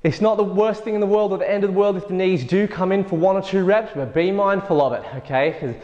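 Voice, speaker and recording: A man's voice: sits high, quick pace, darkish tone, muffled recording. A man leading a workout as fitness instructor, counting reps and urging people on, out of breath as he exercises along. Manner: encouraging, counts reps aloud while exercising. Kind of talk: workout coaching. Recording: long hall reverb.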